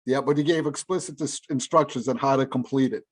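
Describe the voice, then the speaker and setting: A man's voice: mid-range voice, fairly even intonation, brisk. A middle-aged man co-hosting a casual podcast, rambling and correcting himself as he talks enthusiastically about albums. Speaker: podcast co-host. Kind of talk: casual chat about music.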